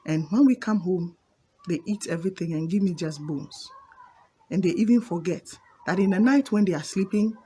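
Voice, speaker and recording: A woman voicing a loyal but aggrieved dog in a spoken fable, complaining quietly. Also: fairly low pitch, normal speed, husky.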